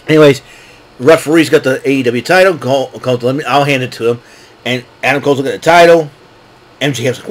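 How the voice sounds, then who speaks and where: A man hosting a casual wrestling recap show, excitable and laughing often as he acts out what wrestlers said. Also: medium pitch. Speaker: wrestling podcast host.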